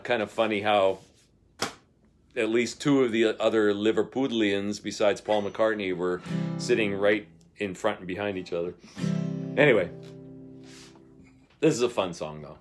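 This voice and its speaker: A middle-aged man, a singer-guitarist, chatting casually between songs and telling a rambling story with soft laughs. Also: lowish voice.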